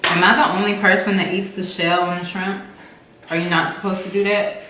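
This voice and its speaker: A woman's voice: mid-range voice, flat delivery, fairly quick. A woman host chatting casually and playfully while eating, with features, recorded on a camera mic from far away. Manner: laid-back, chatty, playful. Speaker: vlogger host. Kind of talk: casual mukbang chat. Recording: echoey room, camera far away, noisy.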